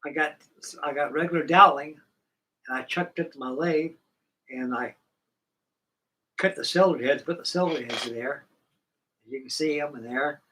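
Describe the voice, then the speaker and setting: A man's voice: fairly high pitch, moderate pace, long pauses, sharp tone, far from the mic, slight background noise, low-quality recording. A middle-aged man hosting a live stream, chatting casually and folksily while he builds models, with rambling talk and casual swearing.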